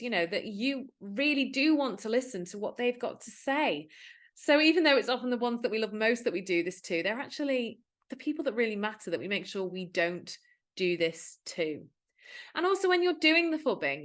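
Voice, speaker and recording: A woman, a digital wellbeing coach, explaining in an earnest, conversational way and acting out quoted speech. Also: on the high side. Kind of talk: talking-to-camera explainer.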